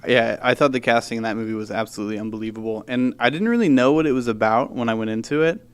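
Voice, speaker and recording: A young man hosting a podcast, chatting casually about movies in an animated way and laughing often. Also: mid-range voice, quick pace, clear, resonant tone. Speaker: podcast host.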